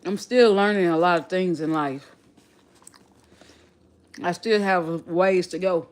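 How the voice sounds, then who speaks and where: Chatting casually on her livestream, a woman with a non-local regional accent speaks reflectively, frequently repeating and restarting phrases. Her voice is on the low side and unhurried.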